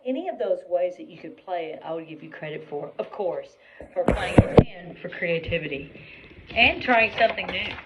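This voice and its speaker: A woman's voice: fairly low pitch, animated, moderate pace, highs cut off, very noisy. A woman piano teacher giving a patient, chatty recorded lesson, singing the note names along as she plays. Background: piano playing.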